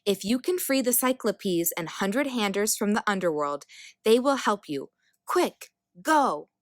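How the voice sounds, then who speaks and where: A woman's voice: medium pitch, animated, a little slow, dry recording, clean studio sound, natural voice. A woman voicing an old grandmother earth goddess calling out urgently in a storybook reading.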